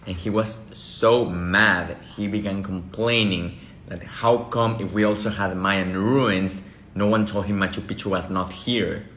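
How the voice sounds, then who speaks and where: Man, very deep voice, steady narrator, roomy recording with faint noise. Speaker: tourism worker. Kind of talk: casual storytelling. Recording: echoey room with faint noise.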